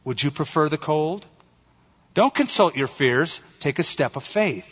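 A patient, gentle stranger, as a preacher reads him, inviting frightened people toward the fire. He speaks unhurried and steady. The sound is muffled and lingers in a large reverberant hall. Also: a little high, breathy edge, heavily acted. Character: calm, patient male stranger bringing light. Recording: dull recording in echoey hall.

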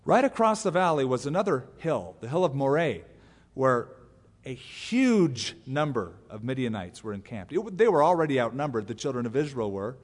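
Animated preacher in a reverberant hall. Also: male voice, mid-range voice, normal speed. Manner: animated storyteller who acts out quotes with humor. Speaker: pastor. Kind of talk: expository Bible teaching sermon.

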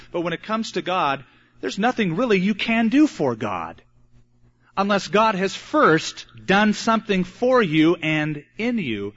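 A man's voice: high voice, big pitch swings, a bit bright. Earnest older male preacher, muffled recording. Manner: earnest, emphatic preaching with dramatic pauses. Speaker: pastor. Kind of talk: sermon.

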